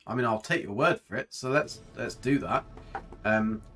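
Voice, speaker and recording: A man's voice: medium pitch, normal speed, fairly bright tone. Chatty man streaming a game. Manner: chatty, jokey, rambling, reads chat aloud. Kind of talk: casual live-stream commentary. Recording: faint music behind.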